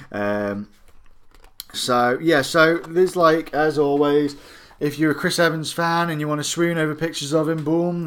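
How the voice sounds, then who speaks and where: A man gives a relaxed collectibles review. He rambles from point to point, throwing in jokey asides and plenty of fillers along the way. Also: medium pitch. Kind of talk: casual review vlog.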